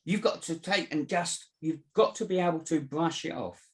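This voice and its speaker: A man's voice: fairly high pitch, normal speed. A man, a mindset coach, giving earnest advice in a casual chat and often saying "you know". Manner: earnest, advising, many "you know" fillers.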